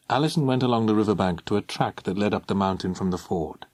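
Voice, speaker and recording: In a measured, expressive reading, a man with a lowish voice narrates an audiobook from a script. The recording is studio quality with no echo.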